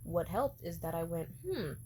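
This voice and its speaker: Woman, 20s, low-pitched vlogger, loose rambling storyteller, swears freely. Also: brisk, darkish tone, a little hiss or hum. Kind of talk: casual storytelling vlog.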